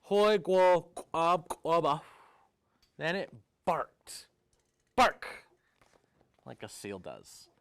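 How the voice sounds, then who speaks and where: A man telling a traditional story, speaking each phrase slowly and then translating it into English, with chant-like repetitions. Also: a little high, sing-song, smooth. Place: community storytelling event.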